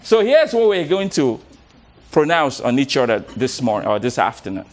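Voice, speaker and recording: Coaching a live audience, a man delivers an animated motivational talk in a mid-range voice at a moderate pace. He laughs often, repeats words and coaxes the crowd to join in.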